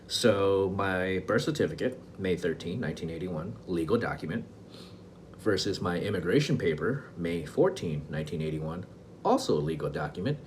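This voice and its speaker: A man's voice: low voice, lively intonation, normal speed, slight background noise. A man in his forties from Laos, hosting a podcast and telling a personal story in a wry, self-deprecating way, often stopping and restarting his sentences. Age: 40s. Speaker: podcast host. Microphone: close podcast mic, audio only.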